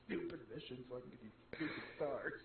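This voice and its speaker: Deadpan man in his thirties, tinny. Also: mid-range voice, fast talker, a crowd in the background. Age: 30s. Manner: dry, flat delivery. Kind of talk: casual gaming chat. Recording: tinny phone-like voice chat line.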